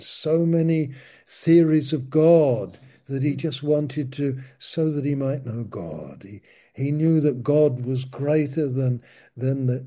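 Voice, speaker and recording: A man teaching from the Bible in an informal, conversational way, slow and halting, often restarting his sentences. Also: on the high side, mellow. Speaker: preacher.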